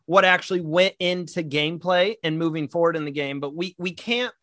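A man's voice: a little high, a little fast, pushed and bright, dry recording. An American man hosting a podcast interview, enthusiastic and asking long multi-part questions. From United States. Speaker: podcast host. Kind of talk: casual interview.

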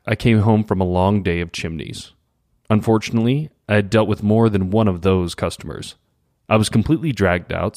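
Calm, low-voiced man reading aloud. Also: no room sound, studio quality. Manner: calm, measured reading with quoted examples. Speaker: host reading an article. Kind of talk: scripted narration.

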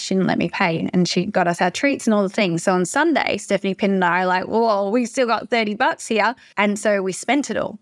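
A woman's voice: mid-range voice, dry recording. Confessional woman, close dry sound. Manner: emotional, confessional, quick bursts of repetition. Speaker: podcast host. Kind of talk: personal storytelling monologue.

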